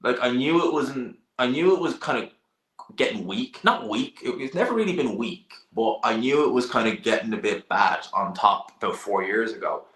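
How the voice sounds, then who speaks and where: A young live streamer reads out viewer questions and chats bluntly about boxing, sighing, laughing and occasionally swearing. His medium-pitched voice is animated and fairly bright at a moderate pace, and the room is echoey.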